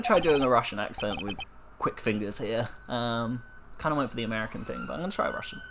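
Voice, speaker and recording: A woman streaming a game, chatting excitedly in casual commentary between voiced scenes. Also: rumbling low, fast talker, noisy background.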